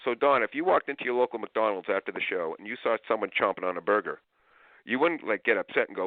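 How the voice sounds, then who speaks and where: A man talking as an interview guest about parenting, telling stories in an animated way and acting out parents and kids in raised voices. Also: on the low side, fast talker, dry recording. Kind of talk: lively interview storytelling. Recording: tinny phone-like line.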